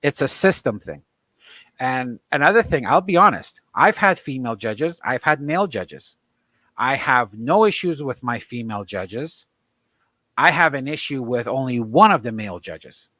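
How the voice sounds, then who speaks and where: A man's voice: mid-range voice, big pitch swings, moderate pace, sharp tone, no echo. A man speaking as a guest on a talk show, an emotional, indignant and defiant father. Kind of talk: impassioned talk-show testimony.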